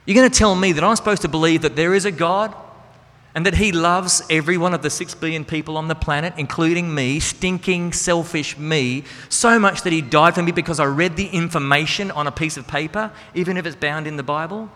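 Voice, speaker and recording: A man's voice: on the high side, fairly quick, fairly bright tone. A man preaching a sermon in an earnest, conversational way, with rhetorical questions to his listeners. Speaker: Christian speaker and singer. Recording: reverberant hall with music behind.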